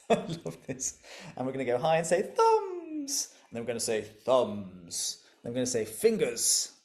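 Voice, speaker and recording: A man's voice: mid-range voice, lively intonation, quick pace, a little mellow. Playful, encouraging man leading a music class. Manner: encouraging, playful, laughs often, leads call-and-response. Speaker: music educator leading an online workshop. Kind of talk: interactive online music lesson. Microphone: video call.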